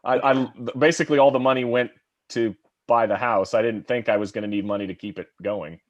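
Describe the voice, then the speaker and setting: A man's voice: medium pitch, fairly even intonation, fairly quick, dull audio. A man co-hosting a podcast, chatting casually in a wry, self-deprecating way. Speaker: podcast co-host. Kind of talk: casual comedic chat.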